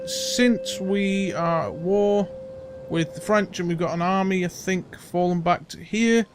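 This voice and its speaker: A man's voice: high voice, steady tone, measured pace, soft background music. A man hosting a casual let's play, chatty and self-mocking, thinking aloud as he plays. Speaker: gaming channel host.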